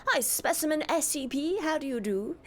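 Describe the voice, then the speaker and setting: A woman's voice: sits high, expressive, moderate pace, a little hiss or hum. A young woman streamer chatting casually, greeting and answering her chat with a giggly, easygoing manner.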